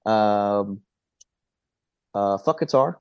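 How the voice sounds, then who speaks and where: A laid-back man in his thirties with a low voice, chatting loosely on a podcast and tripping over restarts. The sound is dry and close, with a dull, lo-fi tone. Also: drawn-out words, a little mellow, smooth, no room sound. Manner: laid-back, stammering restarts, swearing and laughing. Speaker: podcast co-host. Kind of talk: casual chat.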